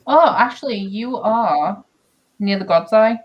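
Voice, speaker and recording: A woman's voice: medium pitch, expressive, slow pace, lo-fi sound. A woman from the north of England hosting a casual chat with friends. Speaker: booktuber hosting a reading sprint.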